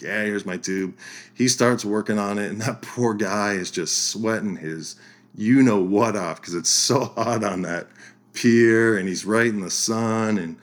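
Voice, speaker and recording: A man telling a story as a podcast guest, animated and laughing through his lines. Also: fairly low pitch. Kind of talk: casual storytelling.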